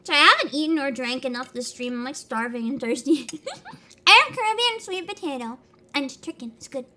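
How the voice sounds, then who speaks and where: High, bright, animated streamer woman. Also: moderate pace. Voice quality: avatar anime streamer voice. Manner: loud, laughing, swearing rants. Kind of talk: live-stream commentary with chat.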